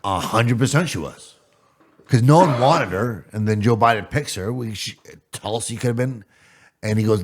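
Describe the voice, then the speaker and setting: A man's voice: mid-range voice, normal speed. A man co-hosting a casual podcast, giving blunt, offhand opinions. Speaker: podcast co-host.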